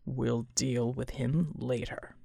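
A woman voicing a calm, stern male field commander in an audiobook. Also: rumbling low, slow, gravelly, breathy edge, dry recording, clean studio sound, voice pushed down, full character voice. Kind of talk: audiobook character voice.

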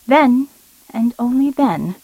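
A woman's voice: fairly high pitch, animated, takes it slowly, warm tone, husky, no room sound, voice pushed up, full character voice, low-quality recording. A woman voicing a cold, menacing male shapeshifting villain with a clipped German accent, read in a dry, close recording. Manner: icy, threatening.

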